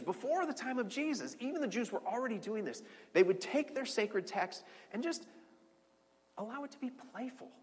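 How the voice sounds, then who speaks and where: A man giving an informal Bible teaching to a group, animated and repeating words as he restarts phrases. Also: big-room sound. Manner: animated, restarts phrases, swoops high on emphasis.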